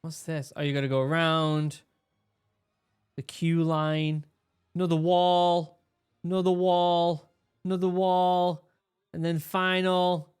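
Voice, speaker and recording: A man, a former marine giving casual, animated commentary while reacting to a training video, often restarting his sentences. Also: a little high, clear, resonant tone. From England. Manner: animated, exclaiming, with repeated restarts.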